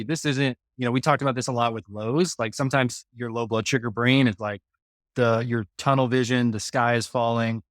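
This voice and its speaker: A man's voice: mid-range voice, a bit bright, no echo, studio quality. A man hosting a podcast, talking in an earnest, rambling way with many fillers. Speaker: podcast host. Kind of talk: casual podcast conversation.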